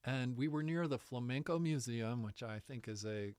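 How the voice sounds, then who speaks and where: A man telling a travel story in a casual interview, animated and laughing often. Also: mid-range voice, moderate pace, smooth, no room sound. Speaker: guest, distance education coordinator.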